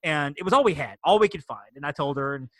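Fast-talking, bright-voiced man. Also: a little high, expressive, no echo. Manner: rambling, enthusiastic, many restarts and fillers. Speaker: podcast co-host. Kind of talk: casual chat.

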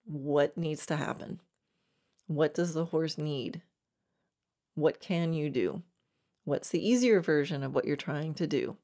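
A woman's voice: fairly low pitch, mellow. A woman horsemanship coach hosting a podcast, giving an encouraging, conversational teaching monologue and laughing often.

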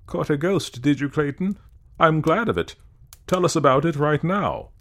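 A man voicing an excitable, eager young man who shouts his questions, in an audiobook reading. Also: fairly high pitch, moderate pace, voice pushed up. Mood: excited.

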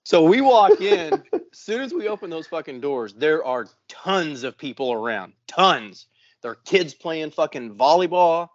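Speaking a little slowly, a man with a slightly high voice works through a long, profane story on a casual podcast he co-hosts, animatedly voicing everyone's lines. It's a dry, somewhat dull recording, as if from a close room mic of limited fidelity.

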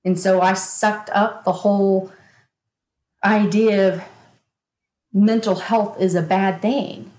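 A woman's voice: medium pitch, fairly even intonation, slow, pauses often, a little mellow. A woman guest, a hypnotherapist and mindset coach, frankly and emphatically telling her own story in an interview, with bursts of laughter. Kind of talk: candid personal storytelling in an interview. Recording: roomy echo.

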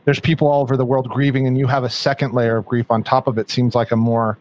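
A man co-hosts a podcast in a relaxed, easygoing way, moving the conversation along with questions. His voice sits at an ordinary pitch. Faint noise can be heard behind him. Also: fast. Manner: easygoing, steers the talk with questions. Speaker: podcast co-host. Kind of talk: casual podcast chat.

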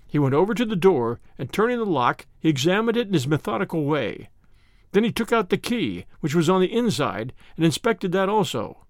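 A man narrating a story in the first person, expressive and storytelling. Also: high voice, fairly quick, no room sound, studio quality. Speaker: audiobook narrator.

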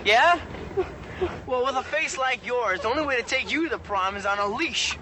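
A snarky teenage bully. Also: male voice, very high-pitched, expressive, normal speed, very noisy. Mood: mocking. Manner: teasing, then pleading and clingy. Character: teenage boy bully, snarky then lovestruck. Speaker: actor in a TV episode clip. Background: music.

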